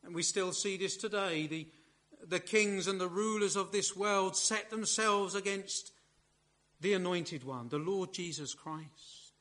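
A man preaching a sermon in a measured, emphatic way, leaning hard on key words. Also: high voice, sharp tone.

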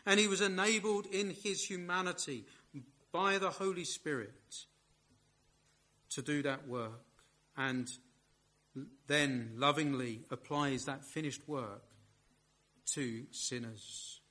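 High, slow, bright-voiced male preacher. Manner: measured, emphatic preaching with swells of force on key words. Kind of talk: sermon.

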